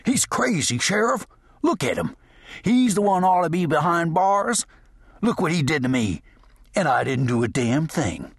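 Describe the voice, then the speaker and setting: A man voicing a whiny, husky outlaw gunman. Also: mid-range voice, lively intonation, unhurried, no room sound, studio quality. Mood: whining. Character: defiant dazed outlaw gunman, whiny and sly.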